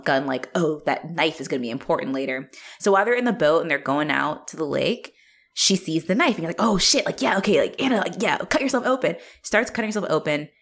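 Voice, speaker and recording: A woman's voice: deep voice, fairly bright tone. A woman co-hosting a podcast, casually chatting about a movie, laughing often and swearing freely as she retells scenes. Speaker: podcast co-host. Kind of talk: casual movie discussion chat.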